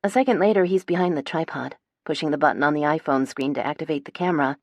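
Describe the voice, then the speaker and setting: A woman's voice: deep voice, quick pace, no room sound, lo-fi sound. A woman narrating a first-person romance audiobook in a wry, dramatic storytelling manner, on a close studio mic.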